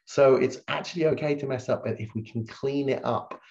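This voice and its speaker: Middle-aged male therapist guest, candid storyteller, animated delivery, slightly lo-fi call sound. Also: medium pitch, brisk, creaky. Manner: animated, swings loud when reliving stories. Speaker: guest speaker, hypnotherapist.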